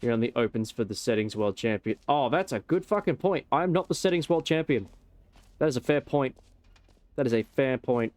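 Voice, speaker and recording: A man's voice: mid-range voice, lively intonation, brisk, a little mellow, no room sound. A young man casually rambling and joking while he streams a game, with some swearing. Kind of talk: casual gameplay commentary.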